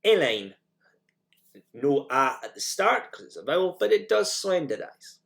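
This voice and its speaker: A man teaching a recorded language lesson speaks a little slowly in a creaky voice, his pitch lively and varied. He walks through each step clearly, repeating example phrases for learners to mimic, with occasional fillers and restarts.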